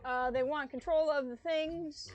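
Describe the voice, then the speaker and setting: A young woman commenting on a game stream, with a slightly high voice and a loose, giggly delivery. She mixes reading game dialogue with rambling asides into her desk mic. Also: steady tone, measured pace, highs cut off. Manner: chatty, giggly, reads game text aloud.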